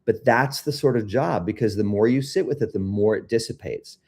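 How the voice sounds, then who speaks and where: A middle-aged man hosting a live self-help talk, speaking reflectively about fear and then gently guiding listeners through a body meditation. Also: fairly low pitch, fairly quick. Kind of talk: casual talk leading a guided meditation.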